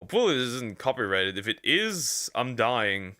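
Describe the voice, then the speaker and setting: A man's voice: mid-range voice, sing-song, normal speed, bright, forceful tone, no room sound, clean studio sound. A man streaming as a VTuber, rambling and stammering through jokey reaction commentary. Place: lives in Germany.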